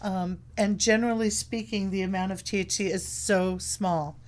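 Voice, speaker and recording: A woman guest in a casual talk show, pitched in the middle range. She speaks in an easygoing way and pauses often with ums and uhs. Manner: relaxed, hesitant, many ums. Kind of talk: casual chat.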